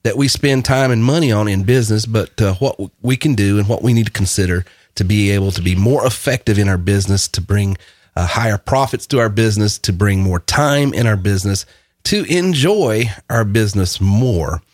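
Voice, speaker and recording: A man's voice: on the low side, animated, fairly quick, no room sound, studio quality. A man hosting a podcast in casual chat, rambling and laughing often. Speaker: podcast host.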